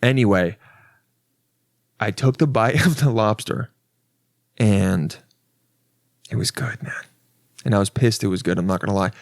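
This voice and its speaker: A man's voice: lowish voice, unhurried, creaky, long pauses, no room sound, clean studio sound. A young adult man hosting a podcast, telling a story in a casual, rambling, profane and self-mocking way, with many restarts. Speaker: podcast host.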